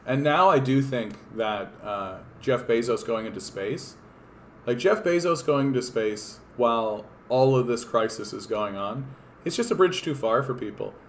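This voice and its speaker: Canadian-born male streamer; loose, profane, sardonic delivery full of "like" and restarts, average pitch, faint background noise. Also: animated, normal speed. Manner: rambling, profane, with many fillers and restarts. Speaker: political livestream host. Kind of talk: casual livestream commentary.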